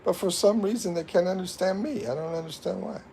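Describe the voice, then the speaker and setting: A man's voice: high-pitched, fairly quick, gravelly, darkish tone, a little hiss or hum. Rambling American man on a livestream. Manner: rambling, self-mocking, laughs often. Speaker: livestream host. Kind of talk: casual livestream chat, reading comments. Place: home in the Philippines.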